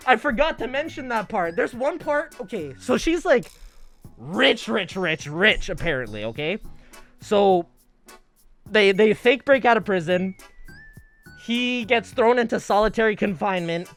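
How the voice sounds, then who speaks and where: A man chatting casually to his stream audience, talking in an animated way with lots of swearing and acting out dialogue in quick bursts. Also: high voice, soft background music. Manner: animated, profane, acts out quoted dialogue. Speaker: livestreamer.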